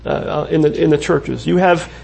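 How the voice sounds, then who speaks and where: Male pastor, raised pitch, raspy tone, conversational sermon delivery. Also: normal speed, a little mellow. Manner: conversational preaching with frequent restarts and asides. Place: church.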